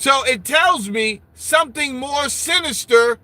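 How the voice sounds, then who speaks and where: A man hosting a live stream from his car, ranting loudly with constant swearing and jokes. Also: extremely high pitch, animated, unhurried, no room sound. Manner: loud, swearing, joking rants with bursts of laughter. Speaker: livestream host. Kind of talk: profane live-stream rant. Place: sitting alone in his car.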